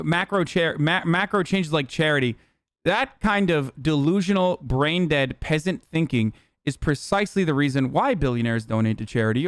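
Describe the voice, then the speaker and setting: Sarcastic streamer man, smooth and dry. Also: mid-range voice, dry recording. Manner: sarcastic, profane, mocking. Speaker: streamer reacting to chat and clips. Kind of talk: casual live-stream commentary.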